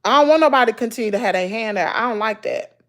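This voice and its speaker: Speaking very fast in a fairly high voice, a Southern US woman chats informally with her livestream viewers. Her manner is folksy and preachy, and she repeats herself for emphasis.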